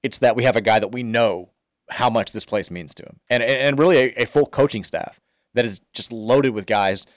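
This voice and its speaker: A man's voice: fairly low pitch, no echo. Dry-voiced male radio co-host. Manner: reads listener texts aloud, chatty and self-deprecating. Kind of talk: casual sports radio banter.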